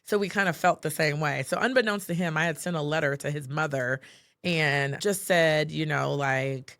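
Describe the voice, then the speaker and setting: A woman co-hosting a podcast tells personal stories in a chatty, heartfelt way, filling her speech with "like" and "you know." Her deep voice has a fairly bright tone and moderate pace, recorded dry at studio quality.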